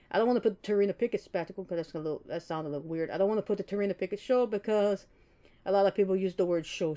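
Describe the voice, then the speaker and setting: A woman's voice: medium pitch, warm tone. A woman hosting her own podcast, talking to listeners in a loose, rambling, chatty way. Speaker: podcast host. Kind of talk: casual solo podcast monologue.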